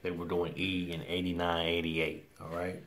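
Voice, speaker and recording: A man telling a story to the camera in a casual, excitable way, repeating his exclamations. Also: low voice, normal speed, a little hiss or hum.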